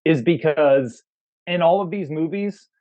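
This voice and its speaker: A man co-hosts a casual movie review and riffs in profane, joking rants. His voice is slightly high. The recording sounds a little dull and lo-fi. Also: measured pace. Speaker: co-host film reviewer.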